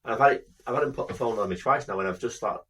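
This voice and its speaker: A man's voice: mid-range voice, rapid-fire, a bit bright, breathy edge, recorded from a distance. A man co-hosting a podcast, chatting with many fillers and doing mock-polite impressions. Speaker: podcast co-host. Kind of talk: casual chat.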